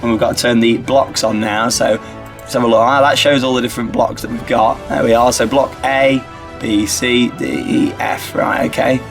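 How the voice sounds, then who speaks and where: A man's voice: medium pitch, steady tone, moderate pace, soft background music. A man giving casual, upbeat gameplay commentary as he operates a ride simulator, talking himself through each step. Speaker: theme park YouTuber playing a ride simulator.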